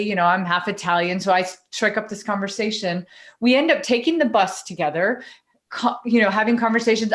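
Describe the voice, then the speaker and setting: Chatty woman podcast host telling a story. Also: medium pitch. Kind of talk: casual storytelling in conversation.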